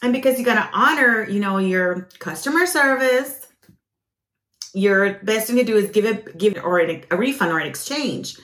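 A woman hosting a ministry podcast, telling a personal testimony with lively acted-out quotes and plenty of fillers. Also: medium pitch, normal speed, reverberant. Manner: animated storyteller, acts out quoted voices, frequent fillers.

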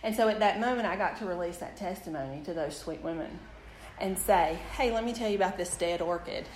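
This woman talks fairly quickly in a fairly low voice as she preaches and relates a personal testimony. Animated and storytelling, she speaks directly to her audience, and the recording has room echo and faint background noise.

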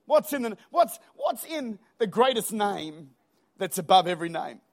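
An Australian man preaches a sermon in a church. His voice sits very high, and his delivery is energetic and humorous, climbing into shouts at the peaks. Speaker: pastor. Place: church auditorium.

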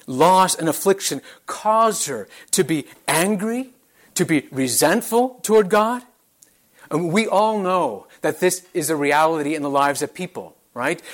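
Earnest male pastor, measured sermon delivery, slightly high-pitched. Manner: earnest, measured, rhetorical questions.

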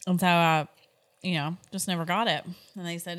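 Chatty middle-aged woman co-host, lowish voice. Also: brisk. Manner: chatty, rambling storyteller. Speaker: podcast co-host. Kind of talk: casual chat.

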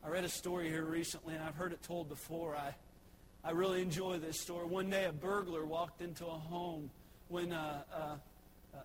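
A man preaching a sermon, swinging between loud exhortation and hushed earnestness. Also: a little high, fairly even intonation, normal speed, background noise.

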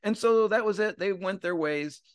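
A man's voice: high voice, moderate pace, dry recording, studio quality. A man hosting a podcast, retelling a story in a casual, slangy way and acting out quotes as he goes. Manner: slangy, conversational, acts out quotes. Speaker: podcast host.

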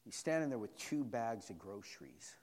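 A pastor preaching a sermon, moving from quiet personal storytelling to loud, repetitive call-and-response preaching. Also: male voice, fairly low pitch, big pitch swings, normal speed, big-room sound.

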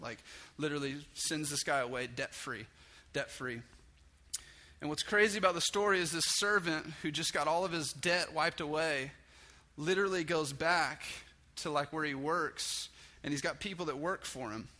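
A man with a voice on the high side, speaking at normal speed, preaches an informal sermon in a casual, conversational way full of restarts and "like." He acts out the story's dialogue in a raised, excited voice.

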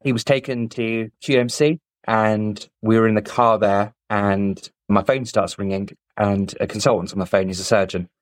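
Low-voiced man telling his story, dry sound. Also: fairly even intonation, normal speed, hardly any pauses, no echo, rough recording. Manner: candid, matter-of-fact retelling. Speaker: podcast guest. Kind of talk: personal storytelling in an interview.

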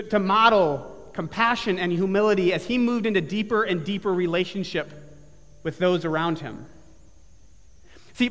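A man's voice: high voice, fairly bright tone, long reverb tail. A man preaching a sermon in church, telling a story earnestly and building to emphatic repeated phrases. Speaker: pastor. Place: church sanctuary with live and online congregation.

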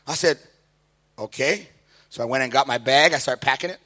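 A middle-aged man, preaching a sermon and telling his life story with lively, acted-out quotes. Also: medium pitch, fairly quick, pauses often. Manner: animated storytelling, acting out quoted voices. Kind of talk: sermon testimony.

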